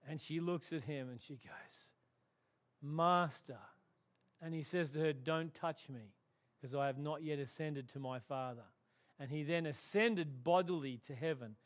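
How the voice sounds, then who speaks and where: A man preaching a sermon, swinging from loud emphatic declarations to hushed, quiet tones. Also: fairly high pitch, clean tone. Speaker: pastor.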